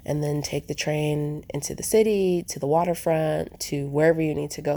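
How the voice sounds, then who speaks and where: Low-voiced chatty woman podcaster. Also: fairly even intonation, normal speed, dark tone. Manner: chatty, rambling, frequent "like" and "um", addresses listeners as "y'all". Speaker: travel podcast host. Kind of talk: casual solo podcast monologue.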